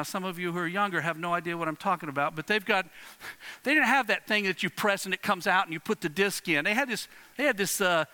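A middle-aged male pastor with a high, very bright voice delivers a sermon. He tells stories in repeated phrases, drops to a hush and then rises loud. The sound rings with the long reverb of a large hall. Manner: dramatic swings from hushed to loud.

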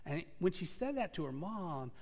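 Male pastor, high voice, earnest storyteller rising and falling in volume, church sanctuary with long reverb. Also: very animated, moderate pace, a little mellow. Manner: earnest storytelling preaching, swelling and dropping in volume. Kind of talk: sermon.

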